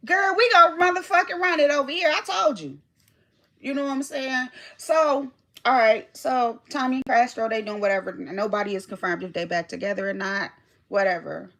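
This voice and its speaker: A woman talking on her own livestream in a high, bright voice. She rambles casually and swears often, calling out viewers by name and losing her thread now and then. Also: gravelly. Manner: chatty, rambling, reads chat aloud, swears freely. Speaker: livestream host.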